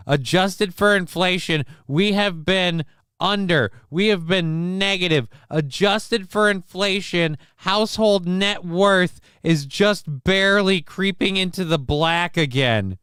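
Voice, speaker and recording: A man's voice: high-pitched, a little slow, clear, resonant tone, no room sound. Rambly stream host guy, lots of ums and restarts, super clean voice, dry room. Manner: rambling, crude jokes, many fillers and restarts; gets loud and excited over news figures. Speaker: livestream show host. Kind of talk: casual livestream commentary reading chat.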